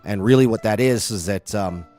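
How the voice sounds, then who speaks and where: A man co-hosting a casual chat, relaxed and rambling, laughing easily as he explains things. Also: fairly low pitch, moderate pace, soft background music. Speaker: podcast co-host.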